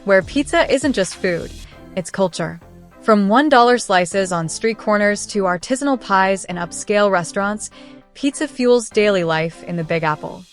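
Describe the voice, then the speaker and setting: A woman giving scripted documentary-style narration for a fact countdown, in a smooth, evenly paced read with no fillers. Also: medium pitch.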